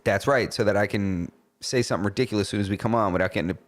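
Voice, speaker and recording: A podcast co-host with a lowish voice talks very fast, telling a story in casual chat. He's animated, swears, and acts out other people's lines.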